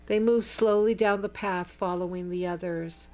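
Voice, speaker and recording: A woman narrating an audiobook in a slow, measured storytelling manner. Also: fairly low pitch, fairly even intonation, a little mellow, faint music behind.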